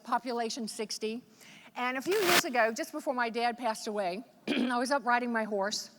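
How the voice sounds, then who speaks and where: Bright-voiced woman, joking keynote in a hall. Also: on the high side. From Virginia, USA. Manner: folksy, joking storyteller. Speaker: motivational speaker. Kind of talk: conference keynote speech. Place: large conference hall. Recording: echoey conference hall.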